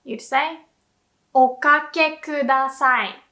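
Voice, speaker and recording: A woman teaching language phrases in a casual lesson, speaking each example phrase louder and giggling between them. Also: high voice, steady tone, unhurried.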